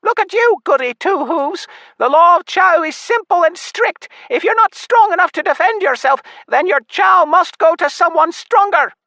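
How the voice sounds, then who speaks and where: A man voicing a greedy, excitable little male imp with a squeaky, squawking voice in an audiobook. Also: normal speed, no echo, studio quality, exaggerated voice. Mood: indignant. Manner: shrill and wheedling. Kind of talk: audiobook character voice.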